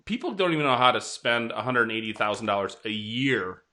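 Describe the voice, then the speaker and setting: A man hosting a casual interview chat, energetic and quick, often checking in with "right?". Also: medium pitch. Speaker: host.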